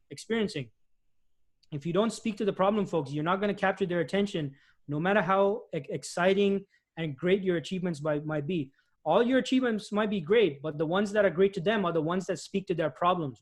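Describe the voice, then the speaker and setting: A man presenting job search advice in an animated webinar talk, often restarting phrases and acting out customers' lines. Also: sits high. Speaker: guest speaker, IT recruiter.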